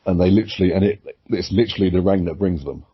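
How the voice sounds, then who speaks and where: A man with a very low, husky voice, talking in a relaxed, rambling podcast chat. He swears constantly and gets animated as his theories build. The sound is dull and lo-fi. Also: quick pace. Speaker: podcast co-host. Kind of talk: casual chat. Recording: muffled lo-fi sound.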